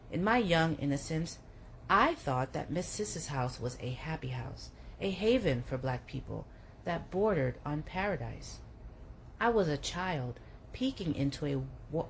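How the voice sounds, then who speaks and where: Brief: woman, low pitch, steady memoir reading for a book club. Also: unhurried, a little hiss or hum, low-quality recording.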